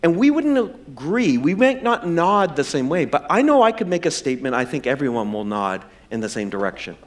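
A man's voice: fairly high pitch, very animated, fairly quick. A man in his forties preaching a sermon, conversational and humorous with self-deprecating asides. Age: 40s. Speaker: pastor.

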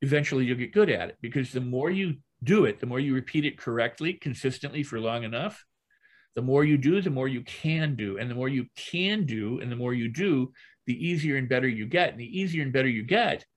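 An older man speaks as a podcast guest, a trainer who teaches through everyday stories. His voice sits at an ordinary middle pitch, and he talks in a lively, rolling way, repeating and building phrases to drive his point home. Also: brisk.

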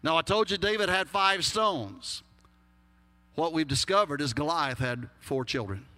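A man's voice: a little high, measured pace, sharp tone. A man with a Texas accent preaching a sermon as pastor, folksy and emphatic with humorous asides. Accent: Texan. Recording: long hall reverb.

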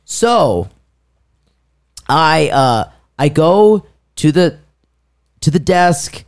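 A man with a higher-pitched voice draws out his words while co-hosting a casual podcast. He tells a story animatedly, impersonating the people in it and laughing as he goes.

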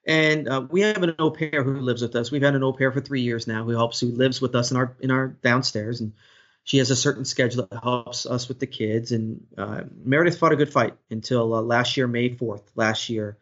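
A man's voice: mid-range voice, fairly even intonation, fairly quick, fairly bright tone. Earnest man telling a hard story. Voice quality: earnest, storytelling with many restarts. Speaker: sports broadcaster, guest. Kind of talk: podcast interview. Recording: dull lo-fi audio.

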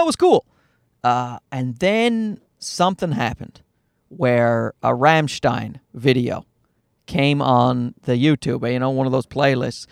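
A man's voice: medium pitch, gravelly, dry recording, clean studio sound. A man hosting a podcast alone from a parked car, telling rambling, profane, self-mocking stories about being a father. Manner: profane, animated and self-deprecating. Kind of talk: casual rambling storytelling monologue. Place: parked car in a parking lot.

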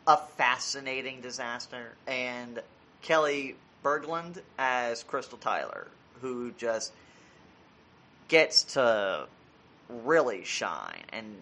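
A man casually reviewing a TV series, earnest and halting, with frequent restarts. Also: mid-range voice, expressive, bright, forceful tone. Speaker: podcast reviewer.

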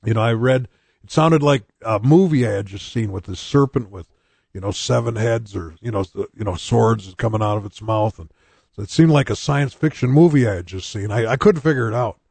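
In a dry recording, a man in his sixties tells his own conversion story as a personal testimony sermon. His voice is lowish, gravelly and darkish with a breathy edge and a slightly fast pace, and he preaches plainly and earnestly, speaking straight to his listeners.

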